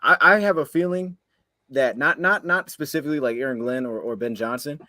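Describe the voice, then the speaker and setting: A man's voice: medium pitch, fairly quick, bright, forceful tone, dry recording. A man co-hosting a sports podcast, ranting heatedly after a game and firing off frustrated rhetorical questions. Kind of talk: heated post-game rant.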